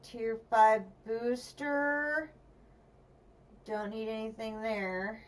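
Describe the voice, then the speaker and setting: A woman's voice: on the high side, fairly even intonation, extremely slow, distant mic. A woman streamer commenting on a game as she plays, thinking aloud and chatting to herself. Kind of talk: gameplay livestream commentary.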